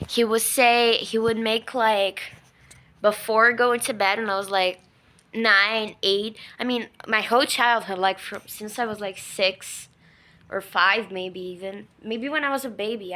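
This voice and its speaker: A woman's voice: medium pitch, sharp tone. A woman telling a story in a casual, rambling way, full of fillers and emphatic swearing. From Brazil. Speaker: vlogger.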